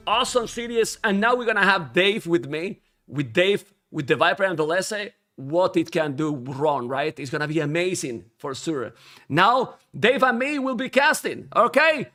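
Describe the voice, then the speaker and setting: A man's voice: high voice, moderate pace. A man hosting a live esports stream, talking energetically and hyping up his viewers and guests. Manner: energetic, hypes the chat. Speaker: host. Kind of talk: esports stream host chat.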